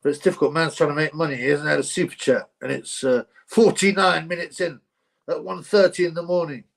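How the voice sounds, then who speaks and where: A man's voice: on the high side, fairly even intonation, fairly quick, vocal fry. A man hosting a casual livestream, reading out viewer comments in a chatty, rambling way and laughing often. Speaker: livestream host.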